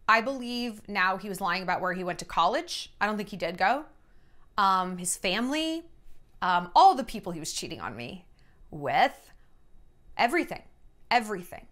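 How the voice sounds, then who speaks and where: A woman in her thirties talking to camera in a casual, sarcastic vlog, acting out quotes as she tells stories. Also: mid-range voice. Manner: chatty, sarcastic, animated quoting of others. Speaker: vlogger. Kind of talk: casual storytelling monologue.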